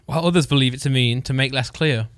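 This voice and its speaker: A man's voice: mid-range voice, quick pace, dry recording. A man, co-hosting a podcast in casual chat, reading out word definitions and laughing often. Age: 20s. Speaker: podcast co-host.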